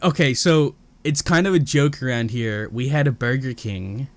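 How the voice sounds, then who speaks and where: Young guy cohosting a podcast, super lively voice, laughs a lot and does little voices for people. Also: mid-range voice, normal speed. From Indiana. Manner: animated storyteller, acts out quoted people, laughs often. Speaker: podcast co-host. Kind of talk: casual chat.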